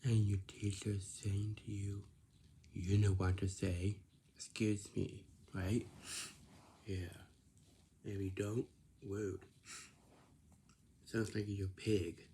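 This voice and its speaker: Man, slow and gravelly, keeps asking "right?" and answering himself, casual explaining. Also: fairly low pitch, level tone, warm tone, a little hiss or hum. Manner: slow, repetitive, asks "right?" and answers "yeah". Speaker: speaker explaining manners.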